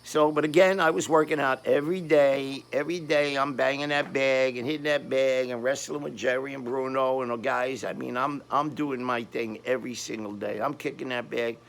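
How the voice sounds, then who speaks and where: Gravelly older Brooklyn man telling stories. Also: mid-range voice, moderate pace, few pauses. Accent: Brooklyn New York. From Brooklyn, New York. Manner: rambling, animated street-tough storytelling with frequent restarts. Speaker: storyteller. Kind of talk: casual storytelling.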